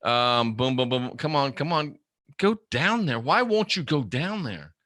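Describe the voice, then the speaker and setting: A man's voice: mid-range voice, animated, a little slow, pushed and bright, no echo, clean studio sound. A middle-aged man hosting a livestream, reading viewer comments aloud in a blunt, profane, joking way. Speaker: livestream host reading chat. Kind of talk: casual live chat.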